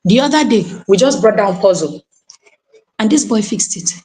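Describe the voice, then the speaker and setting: Brief: Nigerian-accented woman, mid-pitched, exclamatory live-stream testimony, addresses her coach often, drops into pidgin phrases. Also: animated, normal speed, darkish tone. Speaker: podcast guest sharing a testimony.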